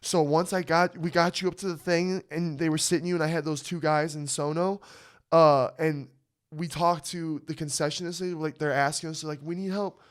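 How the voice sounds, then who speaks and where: A man co-hosting a podcast, telling a story in casual chat, animated and swearing, often asking "you know what I mean". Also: a little high, moderate pace. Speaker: podcast co-host.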